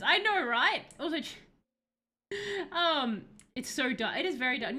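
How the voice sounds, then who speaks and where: A woman giving animated, laughing commentary while streaming a horror game. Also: sits high, takes it slowly, soft background music. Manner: animated, laughs often, yelps and shrieks at scares. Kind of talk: casual gameplay commentary.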